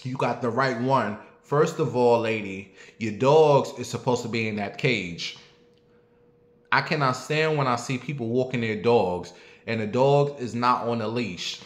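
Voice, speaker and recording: A sassy, foul-mouthed man tells a story as a casual rant. He sounds animated and mocking, and he breaks into barking noises. His voice sits at an average pitch and rings in a roomy echo. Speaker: online commentator.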